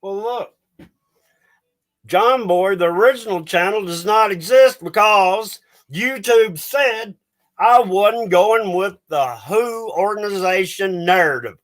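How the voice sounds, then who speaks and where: A man's voice: high-pitched, slow. A man hosting a livestream and ranting angrily, swearing and getting agitated as he talks to his viewers. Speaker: livestream host.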